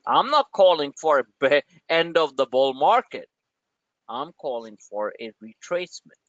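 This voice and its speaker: A man hosting a livestream of market commentary, rambling and joking in an animated way. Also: on the high side, unhurried, no room sound, lo-fi sound. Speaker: trading channel host.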